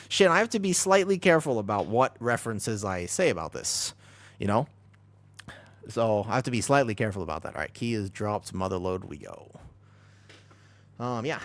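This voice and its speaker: A man's voice: medium pitch, fairly bright tone, dry recording. A man streaming from his bedroom, chatting casually with viewers and swearing freely. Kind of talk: casual chat to a live stream.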